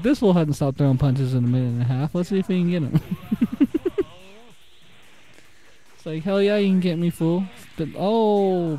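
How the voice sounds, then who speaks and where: A young man giving excitable, casual gameplay commentary, trash-talking the computer opponents and laughing often. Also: mid-range voice. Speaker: gaming channel host.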